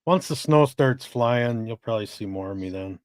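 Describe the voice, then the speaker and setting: A man's voice: mid-range voice, normal speed, a little mellow, no room sound, clean studio sound. A man co-hosting a casual live-stream chat, laid-back and swearing freely while reading chat messages aloud. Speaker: co-host.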